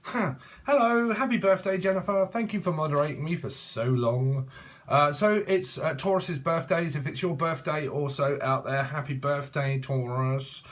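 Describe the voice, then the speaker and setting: A man's voice: on the high side, moderate pace. Playful rambling man reading tarot. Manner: playful, free-associating, laughs often, sings and puts on silly voices. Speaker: tarot reader.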